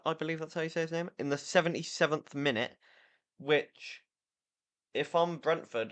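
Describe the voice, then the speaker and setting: A man's voice: medium pitch, fairly bright tone, clear, resonant tone. A tired man hosting a casual football chat podcast, rambling and opinionated, with fillers and restarts. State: tired, yawning. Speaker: podcast host.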